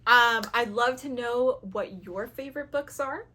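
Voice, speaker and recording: High-voiced gushing woman. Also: measured pace, a little hiss or hum. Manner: gushing, animated, acts out her own reactions. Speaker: book reviewer. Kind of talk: casual chat to camera.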